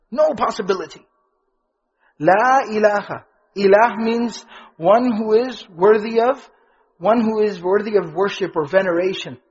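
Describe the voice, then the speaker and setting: Casting: high, husky male lecturer for a religious class, questions the audience, dull lo-fi sound. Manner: questions to the audience, repeats key phrases with stress. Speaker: Islamic teacher. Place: in front of a live audience.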